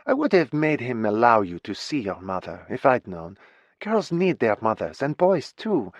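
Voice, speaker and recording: A man's voice: mid-range voice, wildly swooping pitch, moderate pace, no room sound, voice pushed up. A male narrator voicing a woman with a heavy foreign accent, speaking emphatically and disapprovingly. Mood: indignant. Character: Juliet, woman with heavy accent, warm, outspoken.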